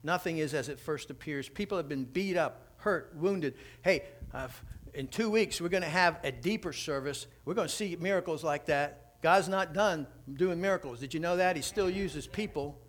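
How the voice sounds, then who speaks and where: A man preaching a sermon, telling stories with animated, acted-out quotes. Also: fairly high pitch, normal speed. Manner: animated storytelling, acting out quotes. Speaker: pastor.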